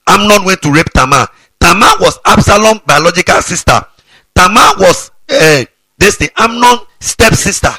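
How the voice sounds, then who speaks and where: Fiery preacher, husky and raspy, bright tone, dry close sound. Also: male voice, sits high, expressive, moderate pace, no echo. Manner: fiery, scolding, repeats himself. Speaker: pastor. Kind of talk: sermon to students.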